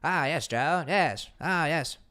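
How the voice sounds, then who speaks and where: A stuffy, upper-crust British army officer, pitched well above his normal voice and loud. He drawls a plummy "ah, yes" in a put-on posh British accent. His commanding manner barks orders to send the lads to the front. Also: takes it slowly. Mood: pompous, commanding. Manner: commanding, summoning men to the front.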